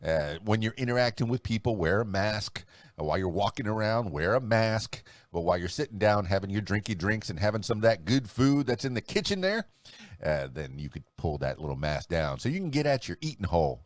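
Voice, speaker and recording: A man's voice: fairly low pitch, big pitch swings, moderate pace, dry recording. A middle-aged man, hosting his own podcast in a chatty, self-amused way. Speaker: podcast host and DJ. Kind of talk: casual solo podcast talk.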